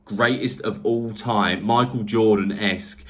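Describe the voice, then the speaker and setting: A man's voice: lowish voice, steady tone, a little slow. A man from England co-hosting a casual tech podcast, talking in a rambling, chatty way with many fillers and restarts. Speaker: podcast co-host.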